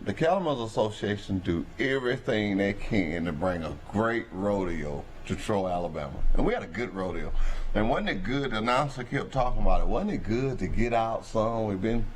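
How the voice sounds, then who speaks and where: A man with a hoarse voice, hosting a local trucking company show in a folksy, rambling manner. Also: lowish voice, expressive, brisk, a little hiss or hum. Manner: folksy, rambling, preacher-like address to the audience. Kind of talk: casual talk show monologue.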